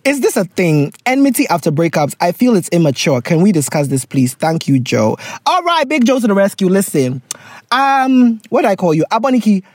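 The recording is dry as a woman with a medium-pitched voice briskly reads through a letter from a listener. Lively and laughing, she hosts with casual advice and drifts into pidgin often.

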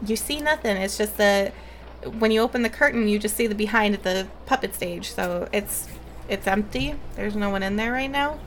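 A woman's voice: medium pitch, normal speed, slight background noise. A woman running a tabletop game as game master, casual and a bit hesitant.

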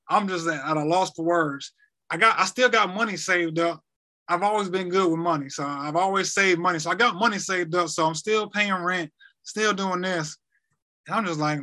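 A man's voice: high-pitched, pushed and bright. A young man casually telling a personal story, rambling and repeating himself as he acts out conversations.

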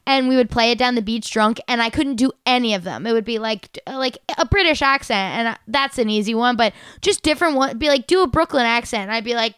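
A woman's voice: a little high, fast talker, hardly any pauses, a bit bright, clean tone, no echo, clean studio sound. A woman co-hosting a podcast, chatting with rambling asides. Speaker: podcast co-host. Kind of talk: casual podcast chat.

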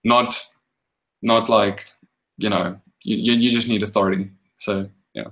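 A man's voice: on the low side, fairly even intonation, measured pace, a bit bright, poor audio. A man speaking as a guest minister, telling a casual testimony full of fillers and restarts, and turning firm when he describes commanding prayer.

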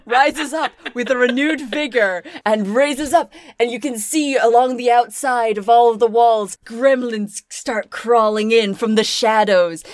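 A woman hosting and running a comedic tabletop game, telling the story in a lively way and often breaking into laughter. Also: fairly high pitch, no echo, studio quality. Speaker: host and game master.

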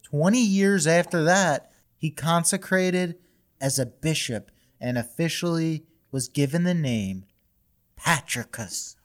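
A man's voice: fairly high pitch, slow. A man hosting a podcast, casually retelling a history story with profanity and frequent laughter. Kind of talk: casual comedy podcast narration.

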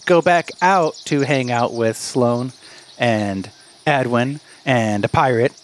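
A man running a tabletop game as game master, jokey and animated and laughing often. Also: medium pitch, takes it slowly, a little hiss or hum.

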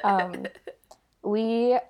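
A woman's voice: fairly high pitch, extremely slow, darkish tone. A woman co-hosting a podcast in casual chat, making dry, wry asides. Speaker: podcast co-host.

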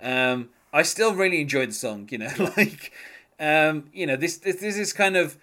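A man's voice: a little high, animated, moderate pace, bright, forceful tone. A man chatting casually as a podcast host, rambling with many fillers and frequent chuckles. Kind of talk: casual music discussion.

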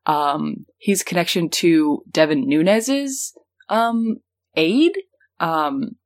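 A woman hosting a podcast, explaining news in casual, rambling chat full of fillers. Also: deep voice. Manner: rambling, lots of "um" and "like", laughs easily. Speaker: podcast host.

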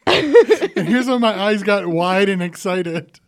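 A man co-hosting a podcast, chatting excitedly and laughing at himself while talking about a movie. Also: sits high, slow pace. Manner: excitable, laughing, self-mocking. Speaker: podcast co-host. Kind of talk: casual chat about a movie.

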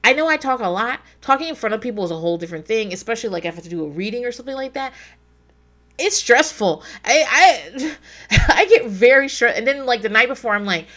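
Animated, swearing woman on a podcast. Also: on the high side, quick pace. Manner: animated, swearing, laughing often, acting out her inner voice. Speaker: podcast co-host. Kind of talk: casual chat.

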